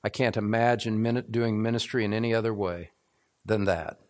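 A man's voice: lowish voice, fairly even intonation, moderate pace. A middle-aged man preaching a sermon as pastor, earnest and building to fervent, repetitive emphasis.

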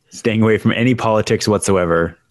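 A man's voice: on the low side, no room sound, studio quality. A man co-hosting a podcast in casual chat, joking and wry, steering the talk along. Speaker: podcast co-host.

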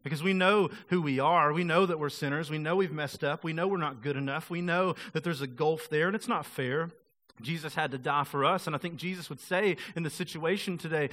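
A man's voice: on the high side, a little fast, fairly bright tone. A male pastor preaching a sermon in a casual, conversational way, acting out quoted voices of the people he talks about.

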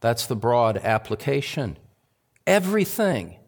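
A man preaching a sermon as pastor, emphatic, repeating key phrases and swinging from loud climbs to low, quiet drops. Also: sing-song, measured pace.

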